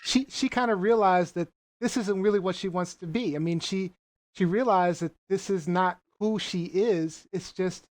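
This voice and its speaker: A talk show host speaks at a middle pitch in a relaxed, reflective way. The host often circles back with fillers while weighing a point. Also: moderate pace. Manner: relaxed, reflective, with frequent "I mean" and "you know". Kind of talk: casual discussion.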